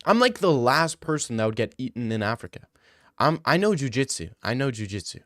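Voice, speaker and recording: A man's voice: medium pitch, very animated, a little fast, a bit bright, no room sound, studio quality. A young man from Canada streaming live, reading chat aloud and answering it with sarcastic, laughing banter.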